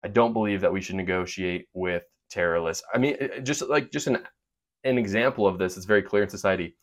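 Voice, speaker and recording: A man hosting a podcast, speaking earnest, opinionated commentary with quick asides and fillers. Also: sits low. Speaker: podcast host. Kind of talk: opinion monologue with sponsor read.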